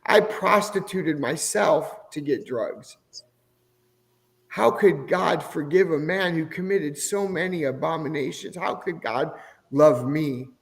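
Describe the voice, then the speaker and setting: A man's voice: on the high side, slow pace, creaky. A middle-aged man, a podcast guest, telling his personal faith testimony in an earnest, emotional way. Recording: long hall reverb.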